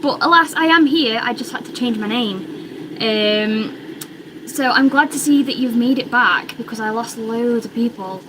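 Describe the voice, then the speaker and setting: A young British woman hosts a casual crafting livestream from home, her voice sitting on the higher side as she rambles from one thought to the next. She talks in an excitable, chatty way and often repeats her words. Steady background noise runs under her voice on the stream. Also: a little slow. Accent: British English. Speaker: crochet livestreamer.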